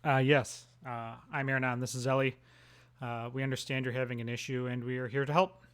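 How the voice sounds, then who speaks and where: A laid-back man chats casually as a player at a tabletop game, with dry remarks. His voice sits in a middle pitch. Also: little pitch movement, fairly quick, fairly bright tone, clean tone.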